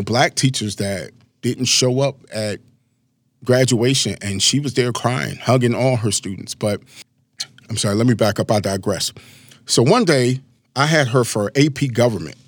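A man in his forties from Maryland giving a casual motivational talk, animated and full of storytelling asides. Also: medium pitch, a little slow, long pauses, no room sound. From Maryland, USA. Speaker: motivational speaker.

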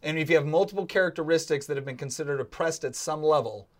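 A man's voice: on the high side, fast talker. A man co-hosting a casual chat who jokes a lot and rambles, often stopping and restarting his sentences. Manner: joking, rambling, self-interrupting. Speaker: podcast co-host.

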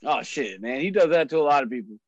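A man's voice: a little high, fast, no room sound, lo-fi sound. A man, a guest on a casual podcast, telling stories with frequent laughter and lots of swearing. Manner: laughing often, profane, animated storytelling.

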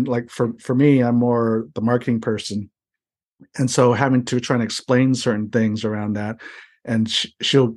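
Husky-voiced man telling a story. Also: medium pitch, darkish tone. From United States. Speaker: interview guest. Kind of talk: casual storytelling.

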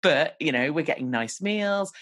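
A woman's voice: sits low, animated, moderate pace, fairly bright tone, dry recording. A woman in her forties, chatting candidly on a podcast, talking about herself with self-deprecating humor. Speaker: podcast guest. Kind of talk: casual conversation.

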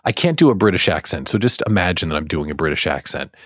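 A man hosting a livestream talk show, joking and animated, often throwing rhetorical questions at his viewers. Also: low-pitched, fast talker, no echo, clean studio sound. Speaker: host.

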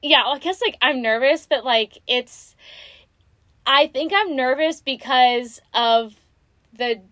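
A chatty woman in her twenties hosts a podcast, her voice high and bright in pitch. She tells her story casually, full of "like" and "you know", and the sound is dry and close. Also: slow pace, dry recording. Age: 20s. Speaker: podcast host. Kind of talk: casual chat.

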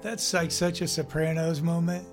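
A man hosting a podcast in casual chat, an animated storyteller who acts out the voices he quotes and laughs often. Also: on the high side, normal speed, faint music behind. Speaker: podcast host.

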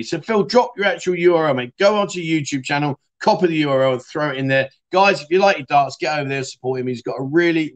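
A middle-aged Englishman hosts a relaxed livestream, chatting in a matey, easygoing way as he answers viewers. His voice sits a little high for a man. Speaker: livestream host. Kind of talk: casual livestream chat.

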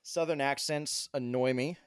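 A man's voice: mid-range voice, steady tone, measured pace, smooth, no room sound. Casual, swearing young man on dry mic. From Colorado. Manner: swears freely, storytelling. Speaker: stream co-host. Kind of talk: casual chat.

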